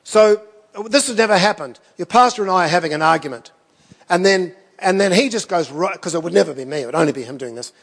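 A man's voice: sits high, expressive, fast, fairly bright tone, big-room sound. A man preaching a sermon, telling stories in a conversational way with self-deprecating asides. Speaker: pastor.

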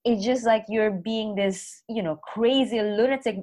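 A woman's voice: mid-range voice, unhurried, a little mellow. A woman offering parenting advice in casual conversation, speaking in a reflective, explanatory way with occasional grammar slips.

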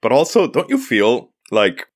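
A man's voice: mid-range voice, wildly swooping pitch, a little slow, husky, no room sound, clean studio sound. A man from Italy co-hosting a podcast, chatting casually, rambling and sidetracked, with lots of fillers. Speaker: podcast co-host.

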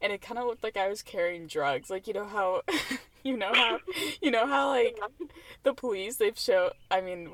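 A woman's voice: fairly low pitch, no room sound. Chatty young woman podcasting from a car. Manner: chatty, rambling, laughs often, many fillers. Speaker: podcast host. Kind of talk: casual chat. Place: inside a parked car.

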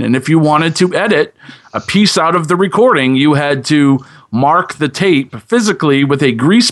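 A man, a podcast host on as a guest, explaining in a measured, casual way. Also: a little high, fairly bright tone.

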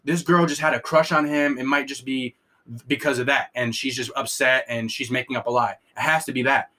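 A young man tells a long story on a casual podcast, rambling and profane. He leans hard on filler words and restarts, and his pitch sits in the middle. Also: fairly even intonation, brisk, bright, forceful tone. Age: young adult. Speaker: podcast co-host telling a story.

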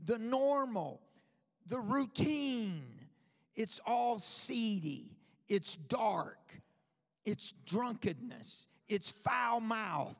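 High, gravelly man preaching in a hall. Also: lively intonation, drawn-out words. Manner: rhythmic, repetitive, builds to shouting. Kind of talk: fiery sermon. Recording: long reverb of a large hall.

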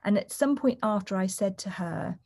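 Woman, doula guest on an interview podcast; earnest, explanatory, slips into voicing the people in her stories, mid-pitched everyday voice. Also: animated, moderate pace, vocal fry, warm tone. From United Kingdom. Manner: earnest, acts out quoted voices while telling stories.

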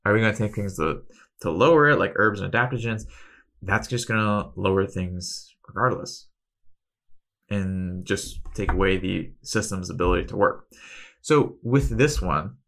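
A man with a fairly low voice hosts a casual health Q&A. He talks through each point loosely, with offhand asides that poke fun at himself. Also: normal speed, creaky, a bit bright. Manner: chatty, self-deprecating asides, loose analogies. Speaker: host.

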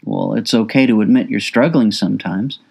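A man voicing a composed female therapist in an audiobook, measured and reassuring. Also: on the low side, gravelly, a little mellow, breathy edge. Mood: calm.

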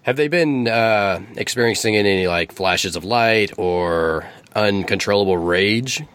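A man narrating as game master, relaxed and halting, often restarting his sentences. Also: on the low side, clean tone.

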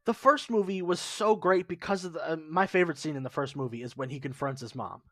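A man hosting a podcast in casual chat, excitable and swearing freely. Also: fairly high pitch, fast talker, dry recording, clean studio sound. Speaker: podcast host.

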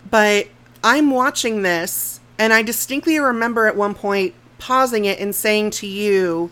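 A woman's voice: medium pitch, unhurried, fairly bright tone, slight background noise. A woman co-hosting a casual movie review podcast, talking frankly with plenty of swearing, laughing often and sometimes trailing off mid-thought. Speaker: podcast co-host.

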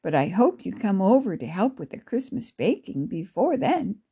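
A woman voicing a kindly grandmother who talks in a gentle, encouraging way. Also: medium pitch, sing-song, normal speed, gravelly, husky, exaggerated voice. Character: kindly, warm-hearted grandmother.

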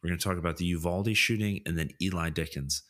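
A man co-hosting a podcast, steadily and deliberately leading a casual discussion. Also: sits low, fairly bright tone. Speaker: podcast co-host. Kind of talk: casual chat, explaining political topics.

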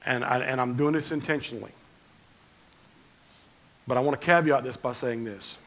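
A man preaching a conversational sermon as pastor, swinging between loud emphasis and quiet asides. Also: mid-range voice, normal speed, low-quality recording.

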